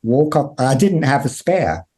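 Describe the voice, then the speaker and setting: Unhurried guitarist guest, mellow tone, hesitant. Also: male voice, mid-range voice, big pitch swings. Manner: halting, hesitant, many fillers. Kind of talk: casual chat.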